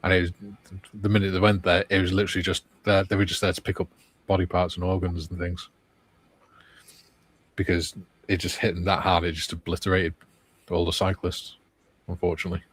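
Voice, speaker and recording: A man's voice: deep voice, flat delivery, brisk, long pauses, fairly bright tone, slightly rough, dry recording. A man hosting a casual livestream, reading viewer comments aloud and chatting. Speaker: livestream host reading chat.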